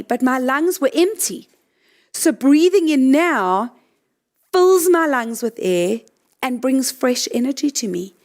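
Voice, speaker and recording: A middle-aged woman leading a guided breathing talk, gently walking listeners through exercises. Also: sits high. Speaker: breathing coach.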